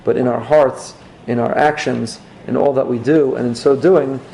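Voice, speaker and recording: A man, a rabbi, giving a sermon as an animated storyteller. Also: medium pitch, moderate pace, vocal fry, slight background noise.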